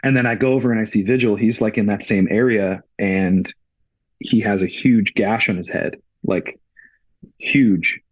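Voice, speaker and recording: A man's voice: on the low side, steady tone, moderate pace, husky, no echo, muffled recording. A man who works on a touring crew, a podcast guest, telling a story casually and retelling the events through many quoted exchanges.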